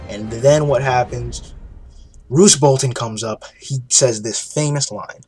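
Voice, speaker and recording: A man giving a casual video review of a TV episode, retelling it excitedly with lots of swearing and restarts. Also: mid-range voice, slow, husky, soft background music. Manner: excited, profane storytelling with frequent restarts.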